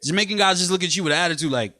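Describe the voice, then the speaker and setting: A man from Brooklyn, doing a stand-up comedy set on a club stage with punchy, animated delivery. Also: high voice, rapid-fire. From Brooklyn, New York.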